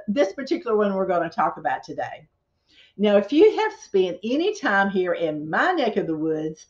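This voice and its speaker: A real estate agent from southeastern North Carolina with a Southern accent, talking in a folksy, chatty vlog with playful asides. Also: female voice, mid-range voice, dull audio. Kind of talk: casual direct-to-camera vlog.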